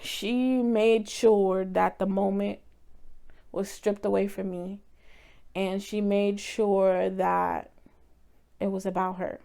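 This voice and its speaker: A woman's voice: medium pitch, little pitch movement, takes it slowly, creaky, pauses often, warm tone. A young woman vlogger telling a painful personal story in a candid, emotional way, sometimes swearing.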